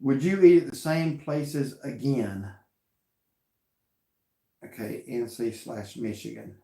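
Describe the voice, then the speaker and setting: Casual male host, mid-pitched, talking through an anecdote in an echoey room. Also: lively intonation, slow pace, vocal fry, warm tone. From North Carolina. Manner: drawling, earnest storytelling with quoted dialogue. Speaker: vlog host reading live chat. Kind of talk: casual storytelling chat.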